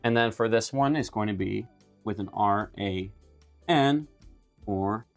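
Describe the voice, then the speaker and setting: A man's voice: lowish voice, unhurried, soft background music. Man teaching Spanish grammar at a board. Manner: explains step by step while writing on a board. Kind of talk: live-streamed language lesson.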